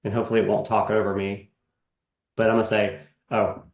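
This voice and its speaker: A man hosting a live webinar, demoing software in a casual, halting way with many fillers. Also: on the low side, level tone, echoey room. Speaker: webinar host.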